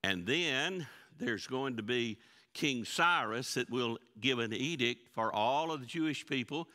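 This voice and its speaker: A man's voice: medium pitch, lively intonation, unhurried, bright, forceful tone. A man teaching a Bible lesson to his congregation, folksy and often asking them questions. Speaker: pastor teaching a Bible study. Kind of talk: interactive church Bible lesson. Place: church sanctuary. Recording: long church hall reverb.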